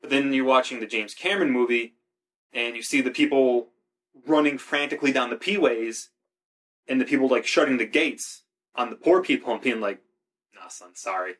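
A man talking in a loose, casual chat, his voice sitting at an ordinary middle pitch. He is laid-back, drops swear words freely and leans on fillers like "you know" and "like". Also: moderate pace, fairly bright tone.

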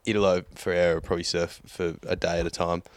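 Laid-back man, low voice. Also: flat delivery, quick pace, dry recording. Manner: laid-back, swearing, laughs often. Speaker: podcast co-host. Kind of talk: casual chat.

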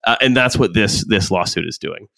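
A man's voice: lowish voice, normal speed, creaky, sharp tone, no room sound. A man hosting a casual podcast chat who reads out legal text and often restarts his sentences. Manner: hesitant, many restarts and fillers. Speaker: podcast host.

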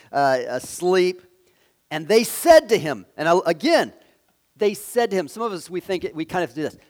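Male pastor, sermon, slightly high pitch, halting delivery, dramatic volume swings. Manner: dramatic swings from loud to hushed; halting, frequent fillers and restarts.

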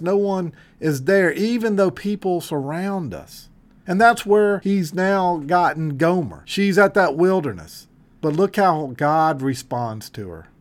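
A man preaching a sermon in an earnest style, swinging between emphatic passages and soft, tender ones. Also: sits high. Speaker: pastor.

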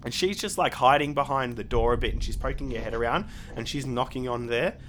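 A man's voice: mid-range voice, fairly even intonation, a little fast, a bit bright, a little hiss or hum. A man narrating as game master of a tabletop game, rambling with many fillers and restarts.

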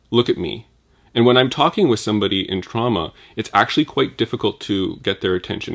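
A man giving a conversational Bible teaching, relaxed and informal, often saying "like.". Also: fairly low pitch. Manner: informal, uses "like" a lot.

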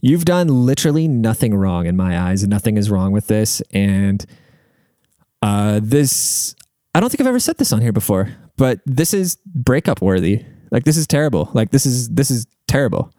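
Speaking at a moderate pace in a warm, fairly low voice, a very animated young man reacts to listener letters on his advice podcast. His casual advice comes out crude, blunt and emphatic, laced with swearing. The sound is studio quality, with no room sound.

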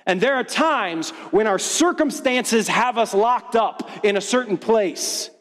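A man with a high voice preaches in a loose, chatty, self-mocking way, telling anecdotes to his congregation. His words ring out with a long reverb, as in a large church hall. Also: lively intonation, a little slow. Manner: casual, conversational, playful and self-deprecating. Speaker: pastor. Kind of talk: sermon with storytelling.

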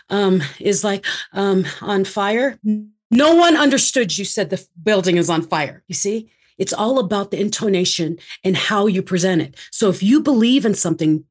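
A woman's voice: medium pitch, a little mellow, slightly rough. A woman speaker coach answering interview questions in an emphatic, coaching way, with dramatic swings in her intonation.

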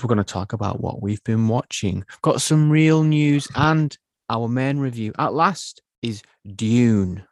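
A man's voice: lowish voice, dry recording, studio quality. A man co-hosting a movie and TV podcast, chatting casually and playfully with his co-host. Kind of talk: casual chat.

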